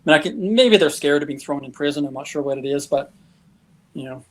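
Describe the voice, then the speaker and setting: Fast-talking man telling stories. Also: a little high. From Canada. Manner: lively anecdotes, chuckles often. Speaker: guest, world traveler. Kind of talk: casual storytelling interview.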